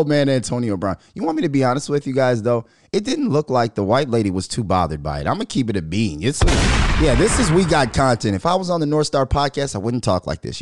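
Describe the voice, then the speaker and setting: A male podcast host rants about sports with a lively voice that swoops up and down. He swears a lot, laughs often and turns loud when he gets worked up. The sound is dry and close. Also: medium pitch, dry recording. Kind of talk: casual profane sports commentary.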